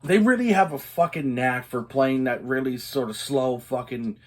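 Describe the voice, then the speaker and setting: A man's voice: medium pitch, normal speed. Casual male vinyl reviewer, mid-range voice, foul-mouthed, rambling, prone to mini rants. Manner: profane and ranting, many fillers. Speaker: metal record reviewer.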